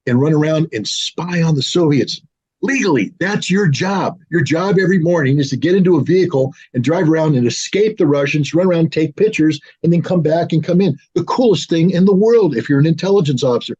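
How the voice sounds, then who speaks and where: A man in his sixties from the United States, telling a personal story in a casual, animated way on his own show. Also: a little high, husky. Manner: animated, with lively mimicry of others. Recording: slightly dull lo-fi sound.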